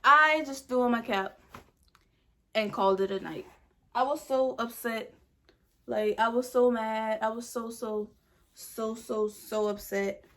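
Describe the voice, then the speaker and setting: A woman's voice: a little high, measured pace, long pauses, a bit bright. Frustrated young woman venting about a wig. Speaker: beauty vlogger. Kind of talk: casual product review.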